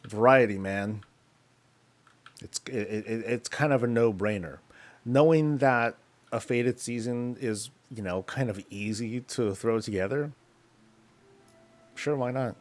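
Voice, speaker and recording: A man's voice: medium pitch, a little slow, long pauses. A man streaming a video game, chatting loosely with viewers and answering their questions while he plays. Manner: rambling, answers chat between in-game moves. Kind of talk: casual live-stream chat while gaming. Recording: faint background music.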